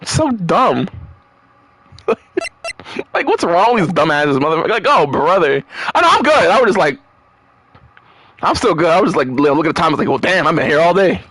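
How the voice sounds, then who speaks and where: Male streamer, rambling game commentary, swears, laughs a lot, high voice, dry room. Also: sing-song, brisk, long pauses, a bit bright, husky, dry recording.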